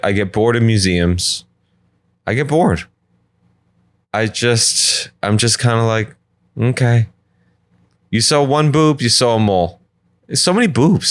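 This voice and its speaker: A man hosting a solo comedy podcast from his apartment, rambling from joke to joke with quick asides. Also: mid-range voice, no room sound. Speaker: podcast host.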